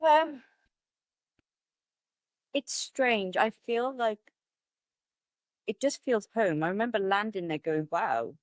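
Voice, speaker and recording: A woman's voice: on the high side, expressive, slow, long pauses, dry recording. A woman, a podcast guest talking candidly and chattily in a conversational interview, laughing easily. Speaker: podcast guest, martial artist.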